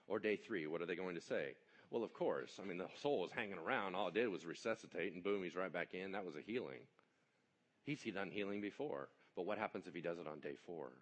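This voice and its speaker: A man preaching a sermon, telling the story with animated energy and joking asides. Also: sits low. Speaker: pastor.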